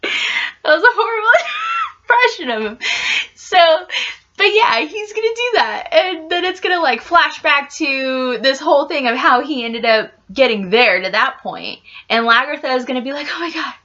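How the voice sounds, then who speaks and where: A woman's voice: high voice, animated, normal speed, pushed and bright, dull audio. A woman vlogger chatting casually to camera, rambling with lots of "like" and the odd casual swear.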